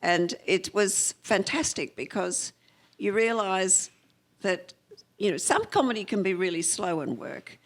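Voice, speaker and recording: A woman's voice: medium pitch, animated, a little slow. An older Australian woman, a film editor, chatting onstage in a rambling way full of fillers. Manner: chatty, trailing off with many fillers. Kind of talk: onstage conversation.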